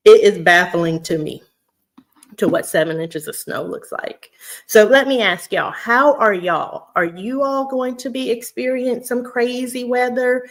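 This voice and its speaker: A woman's voice: on the high side, fairly even intonation, a little slow. Chatty woman vlogger. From Houston, Texas. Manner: chatty, laughs often, talks straight to her audience. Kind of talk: casual chat to viewers.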